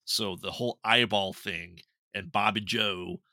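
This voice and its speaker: Male podcast co-host, low-pitched and very bright, dry mic, cuts in with short agreements and trivia. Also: fairly even intonation, measured pace, dry recording. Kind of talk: casual movie chat.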